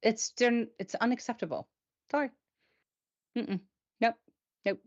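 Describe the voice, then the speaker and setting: A woman's voice: fairly high pitch, unhurried. Chatty woman host, lo-fi sound. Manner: animated and chatty. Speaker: show host. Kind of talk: casual weekly review chat.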